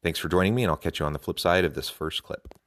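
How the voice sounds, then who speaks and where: Deep-voiced man hosting a podcast. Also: fast talker, a bit bright. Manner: earnest, enthusiastic, with fillers and restarts. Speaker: podcast host. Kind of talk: podcast commentary.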